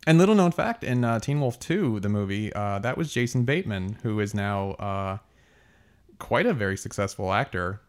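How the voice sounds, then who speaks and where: A man's voice: fairly low pitch, animated, moderate pace, clear, resonant tone. A man hosting a podcast in an easy chat, dry and teasing. His voice bounces around a small studio with a wood floor, so the sound is echoey. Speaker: podcast host. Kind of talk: casual chat. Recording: echoey room.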